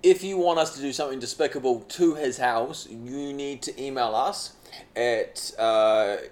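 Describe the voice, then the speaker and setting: A man's voice: medium pitch, unhurried. A man co-hosting a podcast, swearing constantly in crude banter. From New Zealand. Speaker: podcast co-host.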